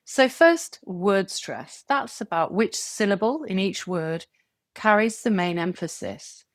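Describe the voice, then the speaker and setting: A woman giving a scripted English pronunciation lesson, clear and measured, stretching example words to show stress. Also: mid-range voice, animated, dry recording, clean studio sound. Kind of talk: scripted tutorial narration.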